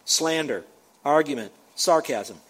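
A man preaching a sermon, stressing his points loudly, dropping to quiet asides, and breaking into the scripture he reads with comments. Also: lively intonation, takes it slowly, husky. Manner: emphatic, swinging between loud punches and low asides. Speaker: pastor.

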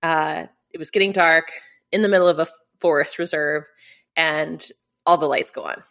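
A middle-aged woman telling a rally story in an interview, animated and full of fillers, acting out the people she quotes. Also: low-pitched, moderate pace. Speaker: rally competitor.

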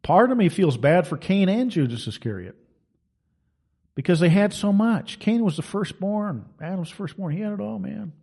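A man's voice: high-pitched, lively intonation, normal speed, creaky, a little mellow, breathy edge. A man preaching a sermon in an emphatic, colloquial storytelling manner.

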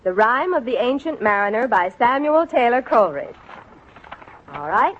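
A patient, prim teacher who keeps an unruly adult class in order. Her fairly high voice moves lively. The sound is a muffled 1940s radio broadcast. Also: normal speed, slight background noise. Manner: patient, prim, often amused. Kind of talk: 1940s radio sitcom acting.

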